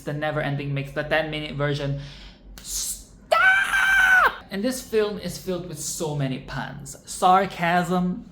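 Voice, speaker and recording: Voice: mid-range voice, a bit bright. Rambling profane film reviewer, roomy echo. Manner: rambling, playful and profane, with sarcastic asides. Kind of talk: casual film reaction commentary. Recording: roomy echo with faint background noise.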